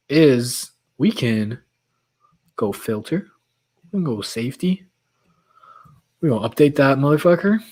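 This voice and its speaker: A man hosts a casual late-night livestream, talking straight to his viewers and reacting to their chat messages. His voice sounds a little worn, as if he has been talking for hours. He talks loosely and restlessly, mid-range in pitch. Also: darkish tone. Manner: chatty, reading chat aloud, restless. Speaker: livestream host.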